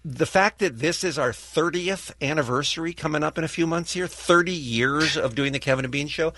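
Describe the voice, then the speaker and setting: A middle-aged American man co-hosting a morning radio show, speaking earnestly and heartfelt with halting restarts. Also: fairly high pitch, bright, forceful tone, no echo.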